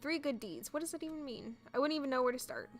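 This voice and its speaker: A woman's voice: sits high, fast talker, faint music behind, pitched above the performer's own voice, close to an everyday voice. A woman voicing a proud young princess who speaks curtly and demands in a game playthrough. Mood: haughty.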